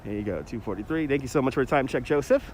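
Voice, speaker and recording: Here the man's medium-pitched voice races along, animated and a little mellow, with a bit of hiss or hum in the audio. He walks outdoors in a city park, livestreaming rambling chat and responding to comments via a gimbal-held phone.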